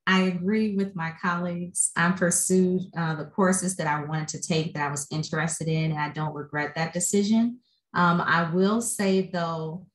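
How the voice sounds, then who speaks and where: A woman panelist on a video call who works as an economic officer, answering in a measured, concise way. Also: on the low side, echoey room, rough recording.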